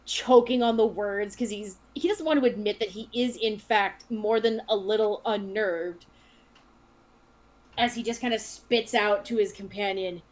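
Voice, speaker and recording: A woman narrates a tabletop game as its dungeon master. Her voice sits at an ordinary middle pitch. She drops lower when voicing the gruff northern locals. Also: expressive, a little slow.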